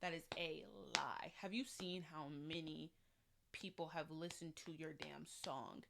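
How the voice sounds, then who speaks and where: A young woman giving an animated, slangy recap of a reality show, acting out the quotes as she goes. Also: deep voice, measured pace, vocal fry, slight background noise. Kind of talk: casual recap vlog.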